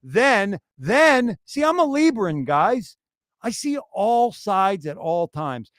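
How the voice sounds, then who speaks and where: High-voiced man ranting on a stream. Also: slow pace, dry recording, clean studio sound. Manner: profane, animated ranting with mocking impressions. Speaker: co-host. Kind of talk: casual crypto stream chat.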